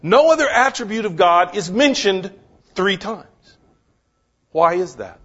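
A man's voice: sits high, expressive, a little slow, fairly bright tone, slightly rough. A man preaching a sermon, emphatic, repeating words for stress and asking the listeners questions. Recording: dull lo-fi recording.

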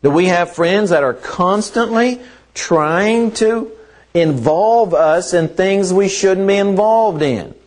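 A man preaching a sermon in a slow, earnest way, repeating phrases for emphasis. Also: sits high.

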